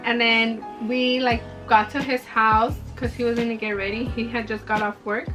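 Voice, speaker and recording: A woman's voice: a little high, flat delivery, moderate pace. A young woman casually telling a personal story, full of "like" fillers and acted-out dialogue. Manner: chatty, many "like" fillers, reenacts dialogue. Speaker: vlogger. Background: background music.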